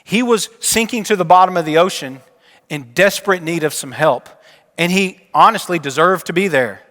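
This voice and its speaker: A male pastor preaching a sermon and telling a story, his delivery dropping from emphatic to hushed. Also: sits high, normal speed. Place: church sanctuary. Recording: long church reverb.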